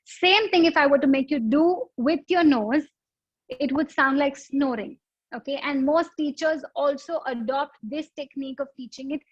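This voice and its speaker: A woman's voice: high-pitched, normal speed, dry recording, dull audio. A woman yoga instructor guiding a breathing exercise, explaining patiently with analogies and demonstrations.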